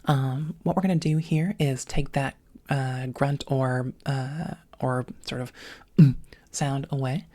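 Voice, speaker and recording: A woman teaching a voice lesson, with a thin, slightly smoky voice and a touch of vocal fry, talking methodically through each step. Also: very deep voice, fairly even intonation, takes it slowly, mellow. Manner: methodical, breaking sounds into parts, with many "um"s. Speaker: voice training coach. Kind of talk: instructional voice lesson.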